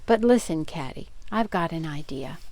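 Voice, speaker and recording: A woman's voice: deep voice, normal speed, creaky, heavily acted. An older woman voicing a bold, teasing schoolboy full of schemes, in a storybook read-aloud. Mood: excited. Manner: excited, bossy, teasing.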